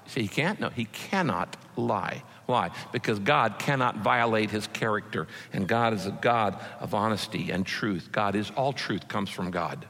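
A man's voice: lowish voice, moderate pace, creaky, few pauses, a bit bright. A man preaching a sermon as pastor, emphatic and repeating his key phrases. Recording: echoey hall with long reverb.

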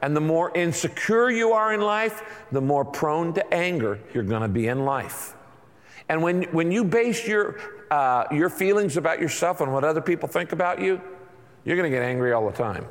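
A man's voice: fairly high pitch, expressive, normal speed. A middle-aged man preaching a sermon to a congregation in a conversational way, now and then acting out little asides in other people's voices. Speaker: pastor. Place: large church auditorium. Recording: long hall reverb.

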